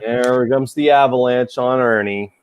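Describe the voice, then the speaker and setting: A man's voice: medium pitch, steady tone, unhurried, smooth. A man hosting a casual chat show, rambling and self-deprecating, with a faint Southern American accent. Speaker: podcast host.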